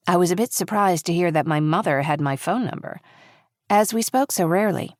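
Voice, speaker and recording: A woman giving measured, reflective first-person audiobook narration. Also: fairly low pitch, no room sound, clean studio sound. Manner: measured, reflective, quietly intimate.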